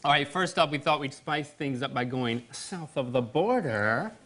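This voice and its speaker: A man co-hosting a comedic segment with a slow, dry delivery. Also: medium pitch, lively intonation, pushed and bright. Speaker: show co-host. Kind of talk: comedic banter.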